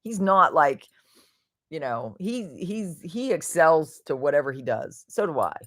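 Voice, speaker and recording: A woman's voice: low voice, big pitch swings, unhurried, fairly bright tone, no room sound, clean studio sound. A woman hosting a casual livestream, chatting in a rambling way and answering viewer comments. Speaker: livestream host.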